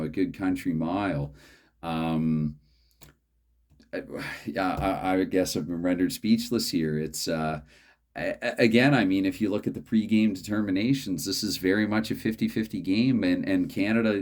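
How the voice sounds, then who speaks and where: A man hosting a solo tabletop hockey card game, calling the plays in a halting, dry play-by-play way. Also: sits low, darkish tone.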